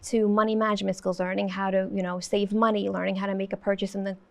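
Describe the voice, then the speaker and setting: A woman answering interview questions about her program, earnest and quick to laugh. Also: medium pitch, little pitch movement, gravelly. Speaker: guest, autism program worker.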